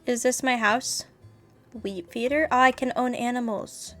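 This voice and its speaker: Chatty woman streamer, a little high. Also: fairly even intonation, unhurried, a bit bright, soft background music. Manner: candid, rambling, swears freely. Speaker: VTuber streamer. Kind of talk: casual livestream chat.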